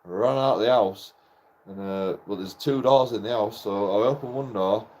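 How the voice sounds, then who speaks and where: A man's voice: lowish voice, moderate pace, a little mellow. A young man tells a personal story in a casual, rambling way. He swears constantly and breaks off with short laughs between phrases. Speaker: channel host telling a personal story.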